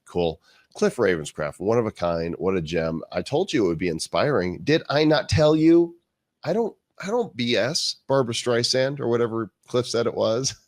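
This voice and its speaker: Low-voiced male live show host. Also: big pitch swings, moderate pace, no room sound, studio quality.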